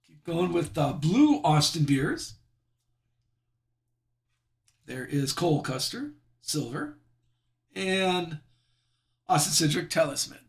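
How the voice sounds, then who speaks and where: A man's voice: on the high side, very animated, unhurried, vocal fry. A man hosting a live sports card break, chatty and self-deprecating as he reads out each card he pulls.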